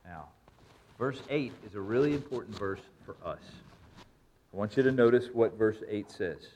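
A pastor preaching a sermon, reading scripture and repeating points with emphasis. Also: male voice, on the low side, lively intonation, moderate pace, darkish tone, a little hiss or hum.

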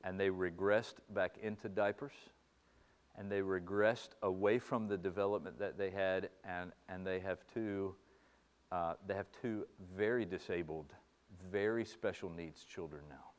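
A man preaching a sermon, moving from hushed, slow passages to loud, fervent ones and repeating phrases for emphasis. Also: sits low, fairly even intonation. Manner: impassioned, swings from hushed to loud. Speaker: pastor.

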